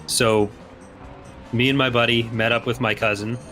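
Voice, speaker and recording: A man's voice: medium pitch, level tone, moderate pace, sharp tone, faint music behind. A young man telling a story casually while playing a racing game, laid-back and sweary, laughing through it. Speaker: co-player.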